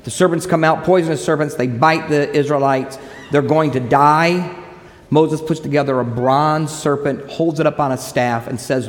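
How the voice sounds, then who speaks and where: Guy preaching a sermon, kinda high voice, long reverb off the church walls. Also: normal speed. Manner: animated storytelling, quotes scripture.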